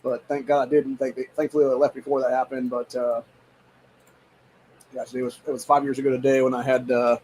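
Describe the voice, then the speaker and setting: A man's voice: medium pitch, flat delivery, fairly quick, a little mellow, a little hiss or hum, low-quality recording. A man hosting a show, ranting in a heated, profane, rambling way and saying "dude" often. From United States. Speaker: show host. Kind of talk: casual political rant.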